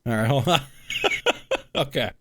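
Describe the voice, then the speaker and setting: A man's voice: mid-range voice, a little slow, a bit bright. A man streaming live, chatting casually to his viewers, swearing freely and laughing often.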